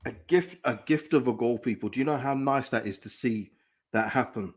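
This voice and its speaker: Male streamer, casual and excitable, reads chat comments aloud, laughs a lot. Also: mid-range voice, moderate pace, breathy edge. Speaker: live-stream football watchalong host. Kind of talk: casual live reaction chat.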